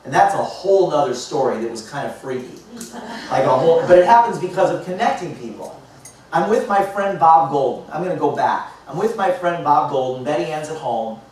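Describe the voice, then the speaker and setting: A man speaking as a motivational speaker, telling a story to a live audience and acting out the dialogue in a lively way. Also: on the high side, brisk. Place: large indoor hall. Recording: echoey hall picked up from far off.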